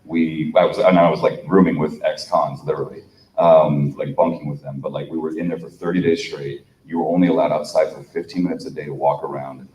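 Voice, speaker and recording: Very deep-voiced man on a panel. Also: fairly even intonation, a little fast, darkish tone, far from the mic, lo-fi sound. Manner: rambling, many fillers and restarts. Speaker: panel guest. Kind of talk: casual storytelling on a convention panel. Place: convention panel room. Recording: echoey room from off-mic with faint hum.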